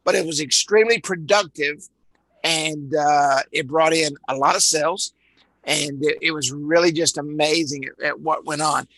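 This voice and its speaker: A man's voice: on the high side, steady tone, moderate pace, pushed and bright, dry recording, low-quality recording. A man from Dallas with a Texan accent, leading a live online sales training in a rambling way, full of repeated words and uhs. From Dallas, Texas.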